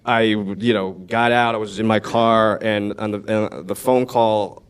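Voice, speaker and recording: A man's voice: on the low side, a little slow, clear, resonant tone. A man, a screenwriter guest at a Q&A, telling stories casually, acting out quotes, swearing and laughing often. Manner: animated, profane, acts out quotes, laughs often. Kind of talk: casual anecdotal storytelling. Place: live Q&A event.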